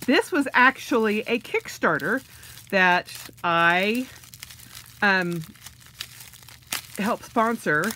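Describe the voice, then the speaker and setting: A woman's voice: mid-range voice, lively intonation, extremely slow, pauses often, pushed and bright, a little hiss or hum. A woman vlogger unboxing things, gushing with gasps and delighted exclamations. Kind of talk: casual unboxing vlog.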